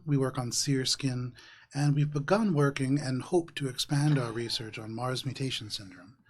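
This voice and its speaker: A man voicing a soft-spoken woman nurse. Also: mid-range voice, slightly rough, close to an everyday voice. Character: composed woman nurse, tired after work.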